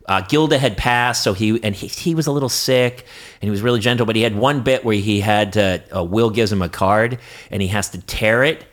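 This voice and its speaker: A man from New Hampshire and Boston, an actor and improviser, telling lively show-business stories in a casual chat, swearing freely and jumping his pitch for quoted voices. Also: fairly quick. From New Hampshire and Boston, USA.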